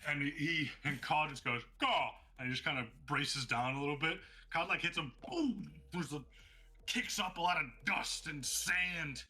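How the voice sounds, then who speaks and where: A man runs a tabletop game, narrating a brawl blow by blow with eager energy. His voice is slightly high, sharp and bright, with a husky grain. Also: normal speed. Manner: excitable, laughing, vivid play-by-play. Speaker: game master.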